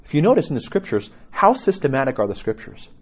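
Man, priest, lively teaching voice, husky, conversational storyteller. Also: mid-range voice, fast. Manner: conversational, animated storyteller with laughs. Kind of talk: teaching talk to a congregation.

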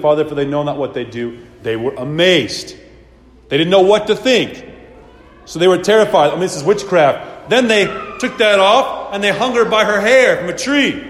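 Dramatic male preacher in an echoey church. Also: fairly high pitch. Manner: dramatic storytelling, swinging between loud emphasis and hushed lines. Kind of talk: sermon retelling a saint's life.

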